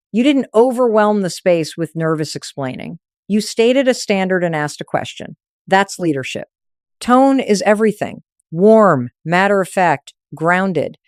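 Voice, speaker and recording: A woman's voice: medium pitch, no room sound, studio quality. A woman delivering a scripted motivational monologue on relationships, direct and emphatic in punchy short sentences. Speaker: relationship advice speaker.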